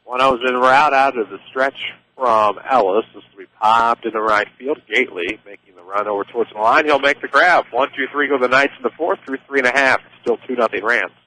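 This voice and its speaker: A man calling play-by-play for a high school baseball game on local radio, easygoing and chatty. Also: fairly quick, hardly any pauses, a little hiss or hum, low-quality recording. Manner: easygoing, chatty, excited on big plays. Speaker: play-by-play announcer.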